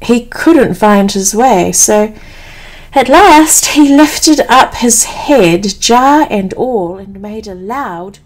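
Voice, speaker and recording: A woman from England, slowly and expressively reading a bedtime story in a soothing way. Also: on the high side, expressive, poor audio.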